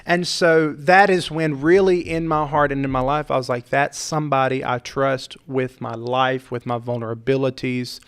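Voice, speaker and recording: Gravelly earnest pastor man. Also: mid-range voice, steady tone, moderate pace, few pauses. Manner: earnest, preacherly, emphatic repetition. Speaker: pastor and podcast host. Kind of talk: heartfelt podcast conversation.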